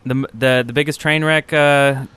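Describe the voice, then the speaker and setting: A man's voice: mid-range voice, fairly even intonation, normal speed, fairly bright tone, clear, resonant tone, no echo. A man co-hosting a podcast, bantering in casual chat with hesitant fillers. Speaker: podcast co-host.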